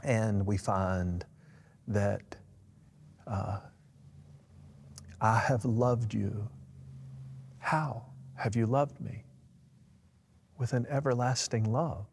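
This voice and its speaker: A man's voice: mid-range voice, takes it slowly, pauses often, a little mellow, slight background noise. A man answering in a preaching style, emphatic and fervent, rising on key words. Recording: long echo.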